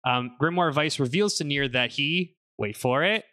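A man hosting a casual podcast, recapping a game's story in an animated way with fillers. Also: on the high side, normal speed. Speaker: podcast host summarizing a game. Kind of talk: casual chat.

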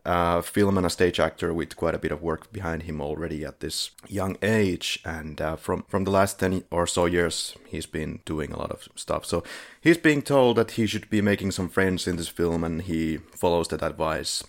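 A man's voice: low voice, normal speed, gravelly. A man co-hosting a casual podcast, rambling and correcting himself as he talks. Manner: rambling, self-correcting, laughs often. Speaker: podcast co-host.

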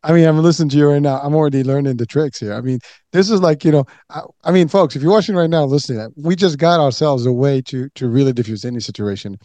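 A man hosting an interview, enthusiastic and halting, often restarting his sentences as he speaks to the audience. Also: a little high, warm tone, no room sound. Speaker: host. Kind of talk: casual interview chat.

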